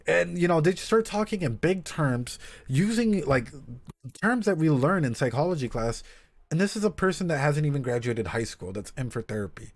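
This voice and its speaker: Animated casual male therapist streamer. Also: a little high, moderate pace. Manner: animated, swears, talks straight to viewers. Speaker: therapist reacting to anime on stream. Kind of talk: casual streamed reaction chat.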